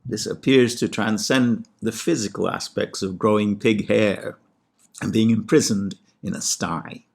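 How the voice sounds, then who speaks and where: Low gravelly man giving a measured lecture. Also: fairly even intonation, a little mellow. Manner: measured, precise, lightly wry. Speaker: classics scholar and podcast host. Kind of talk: scripted lecture with recited Greek verse.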